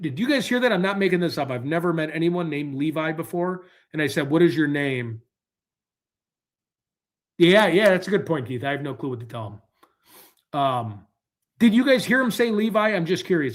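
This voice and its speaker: A man's voice: a little high, expressive, brisk. A man hosting a casual live stream, rambling and talking to his viewers while he searches online. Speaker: livestream host. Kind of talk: casual livestream chat.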